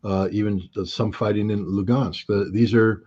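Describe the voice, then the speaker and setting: Blunt husky man on a muffled line. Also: fairly low pitch, steady tone, moderate pace, a little mellow. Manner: blunt, sardonic, emphatic. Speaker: guest commentator. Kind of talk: livestream geopolitics discussion.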